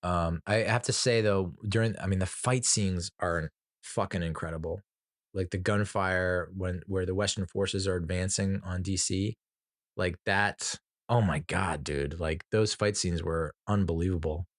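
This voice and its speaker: A man's voice: low-pitched, fairly even intonation, a little slow, no echo, studio quality. A man hosting a podcast, casually reviewing a film in a rambling, profane way with many fillers and restarts and chuckling at his own jokes. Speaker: movie reviewer, podcast host. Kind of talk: casual movie review chat.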